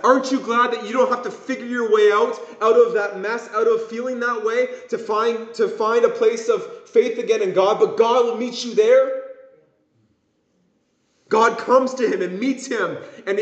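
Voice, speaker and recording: A man with a high voice preaches with passion, now and then slipping into whining voices to make his point. His sermon comes through a dull, lo-fi recording in an echoing church room. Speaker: pastor. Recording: echoey room, dull lo-fi sound.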